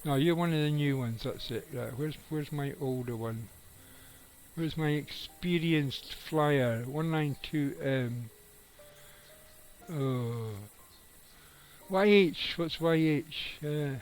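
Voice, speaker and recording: A man's voice: a little high, slow pace, soft background music, poor audio. A middle-aged man, giving rambling, casual live commentary on his game and chatting with viewers, swearing now and then. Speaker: game streamer.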